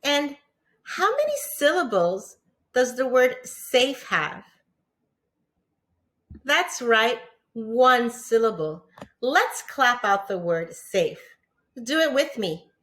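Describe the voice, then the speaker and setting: A woman teacher with a New York accent giving a patient lesson to young children, pausing for answers and praising them often. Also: fairly high pitch, very animated, a bit bright. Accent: New York English. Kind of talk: slow, encouraging classroom lesson for young children.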